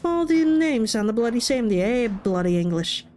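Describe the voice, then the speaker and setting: A woman's voice: on the high side, animated, moderate pace, darkish tone, a little hiss or hum, natural voice. A woman voicing a suspicious, bullying gang doorman in an attempted Irish accent. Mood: threatening. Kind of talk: game voice acting.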